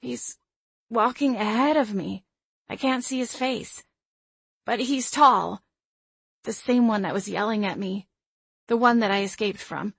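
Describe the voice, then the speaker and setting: A blunt, wry woman friend, as a female narrator puts her on, a little higher than the narration. She talks plainly and down-to-earth in a dry, close reading. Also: a little slow, gravelly, pauses often, breathy edge, no echo, exaggerated voice. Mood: uneasy. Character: frank, wry adult woman friend with psychic gifts.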